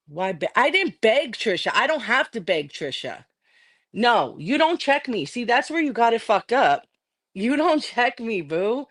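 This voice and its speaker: A woman's voice: a little high, big pitch swings, measured pace, a bit bright. A livestreaming woman in a heated, profane, confrontational rant aimed at a rival.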